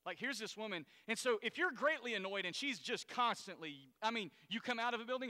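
A pastor delivers a sermon in a high, bright, cutting voice, speaking casually and acting out the story's characters with sudden loud bursts. He is expressive and fairly quick, with hardly any pauses. The long reverb of a big hall rings around his words.

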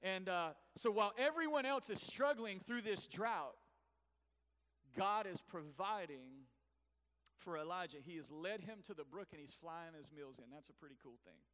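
At a normal speed, this pastor delivers a lively sermon in his high voice, drawing answering calls from the congregation. The sanctuary's long, echoing reverb fills the recording.

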